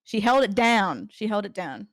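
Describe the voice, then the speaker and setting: A woman's voice: mid-range voice, very animated, moderate pace, no echo, clean studio sound. A young Australian woman in her twenties, a guest chatting casually and laughing often between stories. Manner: giggly, chatty, trailing restarts. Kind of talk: casual interview chat.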